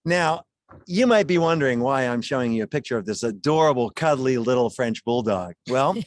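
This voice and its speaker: A man's voice: mid-range voice, animated, brisk, no room sound. A man presenting wines at a charity gala over a video call, in a chatty, folksy way, chuckling as he talks.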